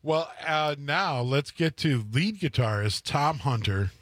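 A man's voice: fairly high pitch, expressive, slow pace, fairly bright tone, dry recording. A man co-hosting a live radio show, casually asking band members about their backstories. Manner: friendly conversational questioning. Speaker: radio co-host. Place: radio studio.

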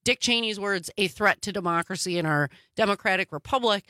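A woman co-hosting a casual political talk show, with a sarcastic manner and quick asides. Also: mid-range voice, pushed and bright, no echo.

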